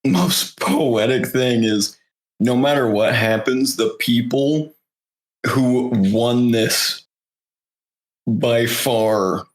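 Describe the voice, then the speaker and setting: A young man co-hosting a casual podcast at a slow, unhurried pace. He rambles through stories, full of fillers and restarts, at a mid pitch. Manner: rambling, filler-heavy storytelling. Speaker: podcast co-host. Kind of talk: casual chat.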